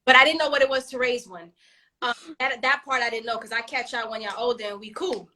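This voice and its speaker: Animated, bright-voiced woman, casual and swearing. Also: on the high side, brisk. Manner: animated, swears freely, laughs often. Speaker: podcast co-host. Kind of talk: casual chat.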